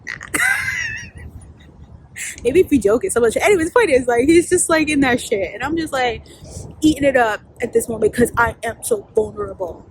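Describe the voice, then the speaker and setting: A woman's voice: high voice, expressive, brisk, vocal fry, a little mellow, a little hiss or hum, rough recording. A woman vlogging outdoors, telling a candid, profane story in a casual storytime style full of fillers. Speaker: vlogger and life coach.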